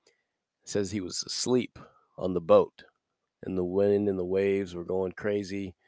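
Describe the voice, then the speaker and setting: A man's voice: sits low, little pitch movement, unhurried, a little mellow, no echo, clean studio sound. A man hosting a short devotional podcast, talking upbeat and preachy while getting over a cold. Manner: upbeat and preachy, laughs between points. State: recovering from a cold. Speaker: podcast host.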